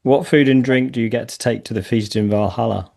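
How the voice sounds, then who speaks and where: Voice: medium pitch, fairly even intonation, fairly quick, gravelly, darkish tone. A podcast host chatting casually, asking a guest questions and giving brief affirmations. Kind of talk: casual interview chat.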